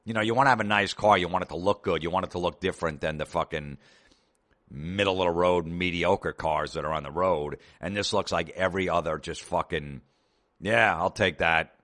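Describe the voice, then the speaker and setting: A man's voice: low voice, steady tone, fairly quick, a bit bright. A man hosting a comedy show, ranting in a sarcastic, profane and exasperated way. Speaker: comedian host. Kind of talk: comedic rant.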